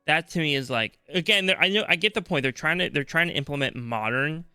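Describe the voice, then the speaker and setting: Co-hosting a casual gaming podcast early in the morning, a man sounds sleepy and yawns as he rambles, often restarting and slipping into quoted reactions. His voice sits on the high side, a little fast, pushed and bright, with a clean tone and clean, echo-free studio sound.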